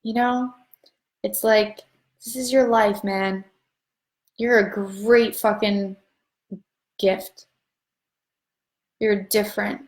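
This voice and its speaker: A woman's voice: medium pitch, steady tone, drawn-out words, pauses often, echoey room. A woman leading a voice class, giving a chatty, upbeat motivational talk to an online audience and rambling along with casual swearing. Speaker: voice class facilitator.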